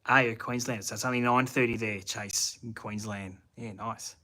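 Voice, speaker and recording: Casting note: broad Australian bloke, bright, forward tone, rambling and slangy, live chat from the shed. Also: male voice, lowish voice, fairly even intonation, normal speed. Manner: rambling, thinks aloud with restarts and Aussie slang. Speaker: channel host answering live chat. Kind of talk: casual livestream chat. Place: home shed at night.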